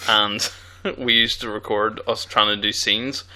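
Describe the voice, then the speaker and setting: A man's voice: on the low side, steady tone, measured pace, pushed and bright. A young man with a Northern Irish accent hosting a casual podcast, laughing often and swearing freely. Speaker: podcast host. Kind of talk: casual chat.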